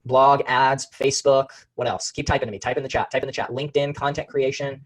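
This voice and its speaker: Fast-talking, husky man teaching a webinar. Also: medium pitch, rough recording. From Phoenix area, USA. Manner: energetic, talks to the live chat and reads out names; repeats himself and restarts often. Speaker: online marketing instructor.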